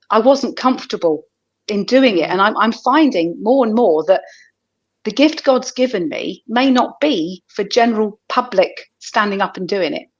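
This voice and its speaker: A woman's voice: medium pitch, muffled recording. A woman comedian, talking earnestly and reflectively in a casual interview, often restarting her sentences. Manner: earnest, faith-minded, with frequent restarts. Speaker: comedian guest.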